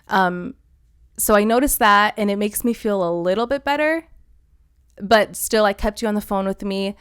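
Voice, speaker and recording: Young woman, podcast co-host, casual storytelling, animated, laughs often, smooth clear voice. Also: mid-range voice.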